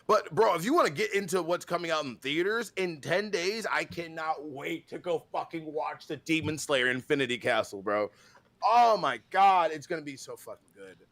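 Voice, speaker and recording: A tired man co-hosting a podcast in casual chat, excitable and swearing a lot, often trailing off mid-thought. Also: a little high, normal speed, hardly any pauses, dry recording. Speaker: podcast co-host.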